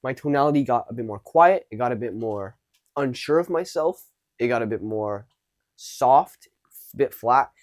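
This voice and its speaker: Speaking casually to the camera, a man coaching social skills acts out tones of voice, shifting between unsure and commanding. His pitch is medium with lively intonation, the pace is moderate, and there's no echo.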